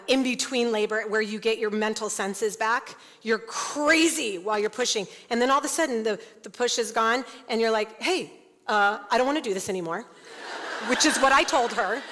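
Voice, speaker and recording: A woman founder telling a funny personal story to a women's event audience, animated and laughing often. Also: fairly high pitch, a little hiss or hum. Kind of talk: comedic personal storytelling talk. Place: large event hall before an audience. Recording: long hall reverb, faint ambience.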